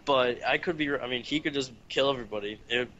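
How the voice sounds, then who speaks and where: A man's voice: mid-range voice, quick pace, pushed and bright. A young man co-hosting a casual fan podcast, teasing the others and laughing often. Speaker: podcast co-host. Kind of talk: casual chat. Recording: lo-fi audio with faint noise.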